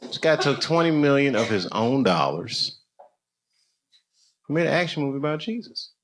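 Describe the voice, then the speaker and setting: A middle-aged man doing a stand-up routine, telling stories in a profane, animated way and slipping into mock voices. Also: medium pitch, moderate pace. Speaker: stand-up comedian. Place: comedy club stage with a laughing audience. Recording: loud audience noise, live club recording.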